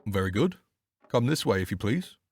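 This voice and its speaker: A man reading an audiobook, voicing a blunt, hearty police inspector with a gruff, exclaiming manner. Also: lowish voice, very animated, normal speed, dry recording, faint music behind, exaggerated voice. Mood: brisk. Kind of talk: audiobook character voice.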